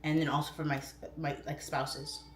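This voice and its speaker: A middle-aged woman hosting a livestream, rambling casually and swooping into high voices when she quotes herself. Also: little pitch movement, moderate pace, reverberant. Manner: chatty, rambling, warm-hearted talk with frequent "like" fillers. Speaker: livestream host. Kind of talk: casual chat. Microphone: phone or webcam.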